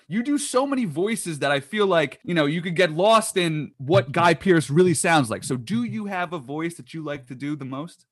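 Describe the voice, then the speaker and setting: A man's voice: on the high side, a bit bright, no room sound, studio quality. A man interviewing an actor and asking his questions in an eager, chatty way.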